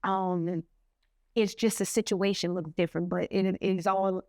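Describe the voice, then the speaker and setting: A middle-aged woman co-hosting a podcast, speaking earnestly and reflectively with pauses. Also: medium pitch, steady tone, darkish tone, dry recording, studio quality. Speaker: podcast co-host. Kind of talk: heartfelt podcast talk.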